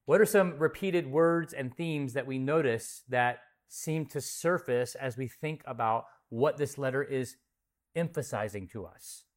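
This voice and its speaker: A pastor with a medium-pitched voice, speaking a little slowly, reads scripture and prays before teaching a group. His Bible study is conversational: he asks questions and repeats the answers back.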